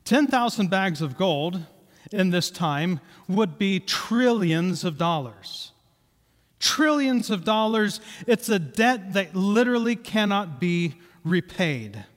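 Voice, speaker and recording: A man's voice: high voice, animated, slow. A man preaching a sermon in a conversational way, repeating key points for emphasis. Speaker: pastor. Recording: reverberant hall.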